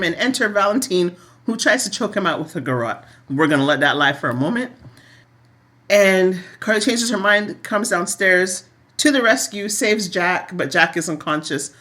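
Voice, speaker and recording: A middle-aged woman co-hosting a casual soap recap chat, animated and laughing often. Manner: animated, laughs often, rises high when amused. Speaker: podcast co-host.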